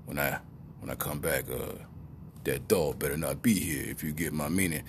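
A man putting on a gruff mafia heavy. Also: a bass voice, moderate pace, noisy background, voice pushed down. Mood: menacing. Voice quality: stereotypical mafia accent, put on. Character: gruff male mafia enforcer, threatening.

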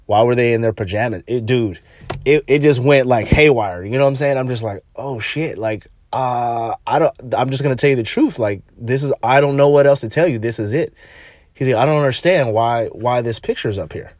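A man's voice: mid-range voice, brisk, a little mellow, no room sound. A young man who works at a jail, telling a rambling story in casual chat, swearing and restarting often.

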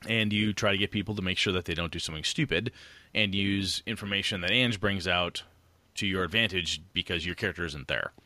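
A man co-hosting a podcast, chatting casually about tabletop gaming in a rambling, animated way with casual swearing. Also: low-pitched, brisk, no room sound. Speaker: podcast co-host.

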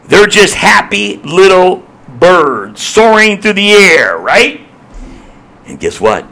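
A man preaching a sermon in a lively, swinging voice that climbs loud and drops to a hush. His tone is gravelly and sharp, and he pitches a little high for a man as he presses his points with repetition. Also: slow pace. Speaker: pastor.

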